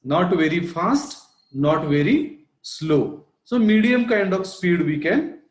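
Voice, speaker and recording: A man with a high voice delivers an animated, slow online lecture on public speaking from an echoey room. He explains, restates his points and checks in with a rhetorical "right?", captured as online class audio.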